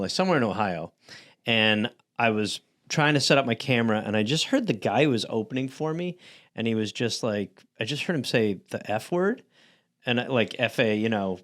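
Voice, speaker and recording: A man co-hosting a podcast, telling a story in casual, profane talk and acting out the people he quotes. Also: on the low side. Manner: animated, profane, acts out quoted voices. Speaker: podcast co-host.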